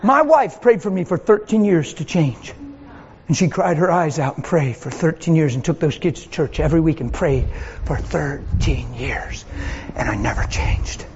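A man preaching a fervent sermon who shouts at times and acts out voices. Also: fairly high pitch, expressive, normal speed, slight background noise. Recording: dull lo-fi recording.

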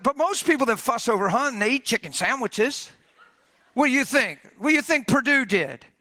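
A man preaching in a storytelling style, with a high, bright voice. He is animated and jokey, and his pitch swings widely as he exclaims. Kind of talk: storytelling sermon.

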